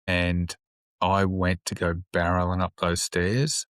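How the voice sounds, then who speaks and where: A police officer talks through a hard memory in a relaxed interview, his voice low and flat and his manner blunt and sombre, with plenty of swearing. The sound is dry and close, with no room around it. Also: slow, smooth, no room sound. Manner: plain-spoken, sombre, swears freely. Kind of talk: casual interview storytelling.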